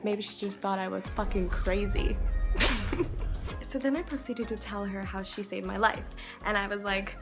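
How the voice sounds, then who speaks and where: A woman's voice: mid-range voice, steady tone, moderate pace, loud music behind the voice. A young adult woman telling a casual storytime vlog, rambling, swearing and giggling as she goes. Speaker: vlogger.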